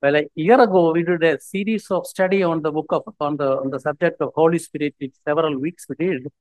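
Male visiting preacher, sermon, fairly high voice, dry sound, halting delivery with slow scripture reading. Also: a little mellow, dry recording, poor audio.

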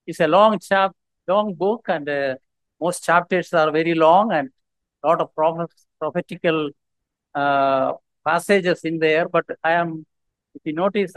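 A man preaching a sermon as a visiting speaker, halting with frequent restarts and reading scripture slowly and deliberately. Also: a little high, no room sound, poor audio.

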